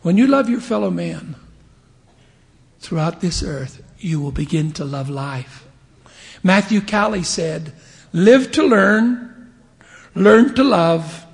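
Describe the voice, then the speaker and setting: Here a man in his fifties, a church leader, delivers a funny devotional sermon in a big hall, voicing the people in his stories with lively flair. He chuckles frequently, and his high-pitched voice has a creaky quality.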